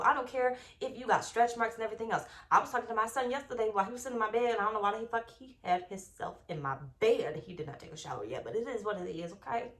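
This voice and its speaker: A young adult woman talking straight to her viewers in a casual tarot reading. Her voice sits a little high, and she swears freely and loads each point with emphatic force. She rambles off on side stories and keeps checking in with "okay?". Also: fairly bright tone. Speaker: tarot reader.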